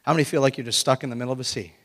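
A male pastor preaching a lively, animated sermon to his congregation. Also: mid-range voice, racing. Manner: animated, breaks into excited shouting and laughter. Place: church sanctuary. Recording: long reverb of a hall.

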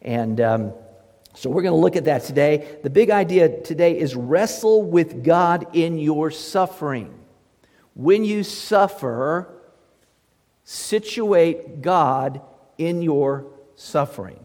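A man's voice: a little high, lively intonation, takes it slowly, a little mellow, big-room sound. A male pastor preaching a sermon in a conversational way, often putting rhetorical questions to his listeners.

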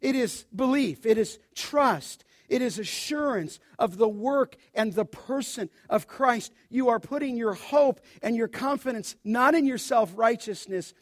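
A man's voice: very high voice, measured pace, few pauses, dry recording, studio quality. A man preaching an expository sermon as pastor, emphatic and speaking directly to his listeners.

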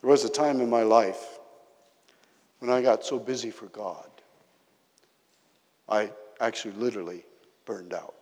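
A man preaching a sermon to his congregation. He tells stories with emphatic pauses, and his voice often drops quiet. His voice carries a long reverb from a large church hall. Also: on the low side, steady tone.

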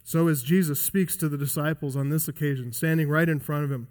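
A male pastor preaching a sermon emphatically, swinging between loud high emphasis and quiet low drops. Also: fairly even intonation, brisk, big-room sound. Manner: emphatic preaching with wide swings in pitch and loudness. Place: church sanctuary.

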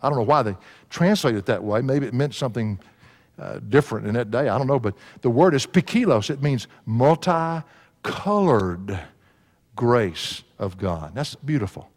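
A man's voice: medium pitch, animated, normal speed, a little mellow. A man preaching a sermon, folksy and laughing at his own stories. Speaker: pastor. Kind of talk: sermon with storytelling. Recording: long hall reverb.

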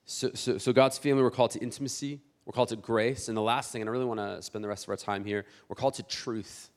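A man in his thirties preaching a sermon as a pastor, animated and conversational, acting out church members and often restarting his words. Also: medium pitch, fast. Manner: many restarts and repeated words.

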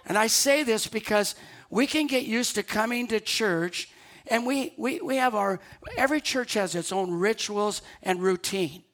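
Higher-pitched man preaching a sermon. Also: measured pace, fairly bright tone. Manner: repeats key lines for emphasis; storytelling with quoted dialogue. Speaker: pastor.

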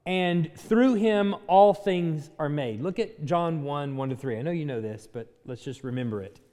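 A man's voice: on the high side, normal speed, dark tone, in a large hall. A man preaching a sermon. He reads scripture aloud, then teaches in a loose, conversational way with fillers and self-corrections. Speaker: pastor.

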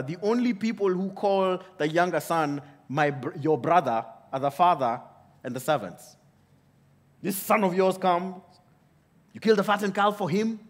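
A man preaching a sermon in an animated way, often asking the audience questions. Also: high voice.

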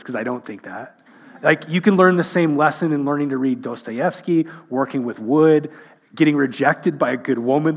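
A man's voice: medium pitch, fairly bright tone. A middle-aged man preaching a sermon, telling funny self-mocking family stories before landing an earnest point. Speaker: pastor.

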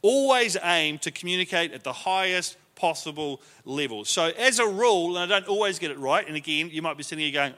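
A man's voice: fairly high pitch, lively intonation, fairly quick, few pauses, sharp tone, long reverb tail. A man teaching a leadership class to a group in a conversational way, often acting out the lines he quotes.

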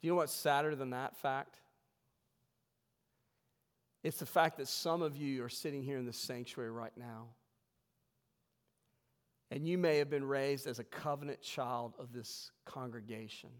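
A man preaching a sermon to his congregation, emphatic, swelling loud and then dropping low. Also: fairly even intonation, a little slow, long pauses, clean tone, big-room sound. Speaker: pastor. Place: church sanctuary.

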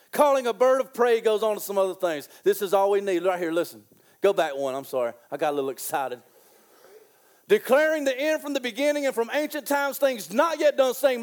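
A man preaching a sermon in an animated, excitable way, repeating phrases and stretching key lines out slowly. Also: very high voice.

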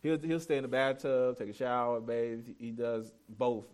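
A male pastor in his thirties delivering a sermon like a conversation. He tells stories candidly and pokes fun at himself, and his voice sits at an everyday middle pitch. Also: level tone, moderate pace, darkish tone. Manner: conversational storytelling, candid and self-deprecating.

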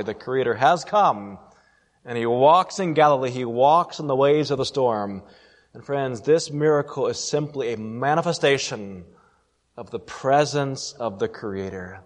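A man preaching a sermon as pastor, emphatic, with rhetorical questions and dramatic slowdowns. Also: mid-range voice. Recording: long reverb of a large hall.

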